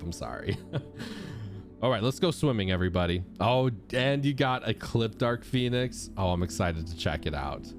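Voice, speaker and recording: A young man chatting casually as he streams a game, thanking subscribers and reacting out loud. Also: fairly low pitch. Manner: animated, chatty, shouts out subscribers. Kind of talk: casual gameplay commentary. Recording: game music playing behind.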